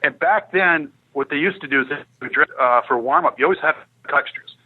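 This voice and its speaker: A man's voice: fairly high pitch, fairly quick, husky, narrow, tinny audio. A man in his fifties, a former pro hockey player, telling stories on a podcast and acting out the dialogue. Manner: animated storyteller who acts out quoted dialogue. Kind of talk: casual podcast storytelling.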